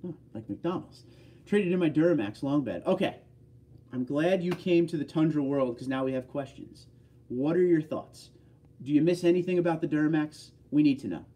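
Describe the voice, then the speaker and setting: A chatty man from the northeastern United States hosts a casual livestream and answers viewers' comments one by one. His voice sits a bit high with a mellow, dark tone. It sounds distant, as if he is sitting back from the microphone. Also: moderate pace. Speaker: livestream host.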